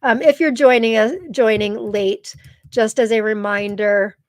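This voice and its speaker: A woman's voice: a little high, steady tone, a little slow, no room sound. A woman hosting a live stream in casual chat, gushing and reading viewer comments aloud, tearful at times. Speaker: live show host.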